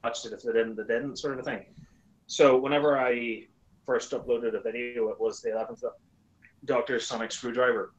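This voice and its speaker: A man chatting casually as a guest, an animated storyteller who acts out quoted lines in a higher voice. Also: moderate pace, dull audio. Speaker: YouTuber guest. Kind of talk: casual chat.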